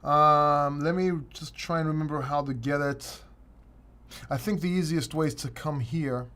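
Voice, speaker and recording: A man's voice: a little high, fairly even intonation, unhurried, sharp tone. A man hosting a livestream question-and-answer session, talking casually and rambling with frequent restarts. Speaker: crypto channel host.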